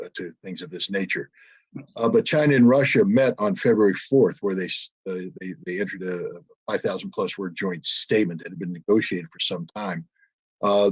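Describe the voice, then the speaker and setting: Low husky man giving analysis. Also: no echo, muffled recording. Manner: measured, many fillers and restarts. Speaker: panelist answering questions. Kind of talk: spontaneous expert analysis.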